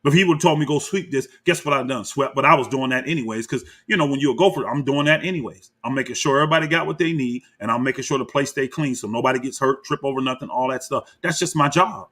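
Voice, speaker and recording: He's a fast talker with hardly any pauses, his medium-pitched voice carrying a breathy edge. Reacting to clips, he gives combative, heated commentary, calls people out by name, and animatedly addresses viewers as y'all.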